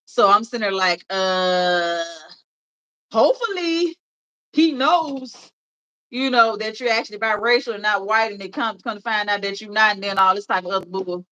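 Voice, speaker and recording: Memphis lady in her 30s rambling on a live stream, lots of um and you know, bright voice. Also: mid-range voice, fairly even intonation, brisk, few pauses, smooth, dull audio. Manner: rambling and chatty, with many fillers and laughs. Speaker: livestream host. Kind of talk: casual chat.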